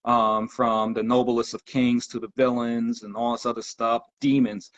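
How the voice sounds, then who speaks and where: A man talking casually as a podcast guest, pausing often with ums. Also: mid-range voice, flat delivery. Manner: halting, many ums. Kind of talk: casual conversation. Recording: dull lo-fi audio.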